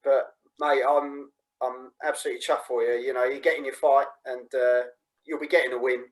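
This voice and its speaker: A man's voice: mid-range voice, little pitch movement, fairly quick, rough recording. A man hosting an interview, matey and encouraging in casual chat. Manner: matey and encouraging, many fillers. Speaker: host.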